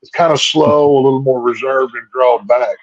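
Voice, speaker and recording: A man's voice: medium pitch, steady tone, normal speed, lo-fi sound. A man with a Southern US accent co-hosting a casual movie review chat, enthusiastic and full of fillers. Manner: enthusiastic, filler-heavy, defends opinions. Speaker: podcast co-host.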